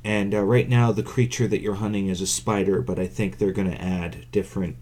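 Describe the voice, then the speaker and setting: A man co-hosting a gaming podcast, talking in a deadpan way with many halting restarts. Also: fairly low pitch. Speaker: podcast co-host. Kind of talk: casual gaming chat.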